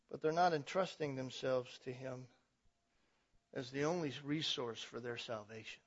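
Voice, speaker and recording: A man preaching a sermon as pastor, emphatic, building to loud passionate stretches. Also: mid-range voice, normal speed, highs cut off.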